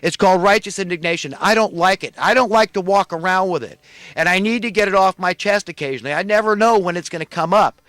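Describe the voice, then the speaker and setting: High-voiced man on an indignant rant. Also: fast, fairly bright tone, dry recording. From California. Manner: ranting, indignant, repetitive emphasis. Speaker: preacher ranting to viewers. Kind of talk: impassioned monologue.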